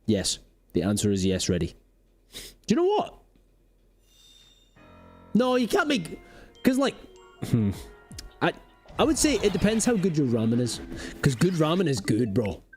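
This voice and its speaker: A man's voice: a little high, wildly swooping pitch, a little slow, long pauses, a little mellow, breathy edge, faint music behind. A man streaming a game live, chatting playfully with viewers and drifting into silly voices. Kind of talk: casual live-stream chat. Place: home streaming setup in rural Scotland.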